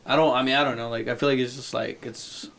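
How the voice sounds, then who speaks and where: A man hosting a casual podcast chat, asking questions in a halting way full of fillers. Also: medium pitch, fairly even intonation, vocal fry, a bit bright.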